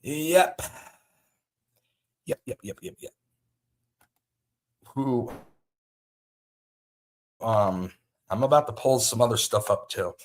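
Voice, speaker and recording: A man's voice: mid-range voice, animated, slow pace, pauses often. A man hosting a livestream, ranting agitatedly about a feud, with frequent restarts. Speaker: livestream host. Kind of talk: livestream commentary.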